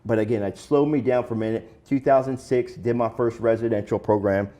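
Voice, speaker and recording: A man's voice: mid-range voice, steady tone, fairly quick, warm tone. A man speaking as an interview guest, candid and plain-spoken, telling his own story in a casual, conversational way with some slang.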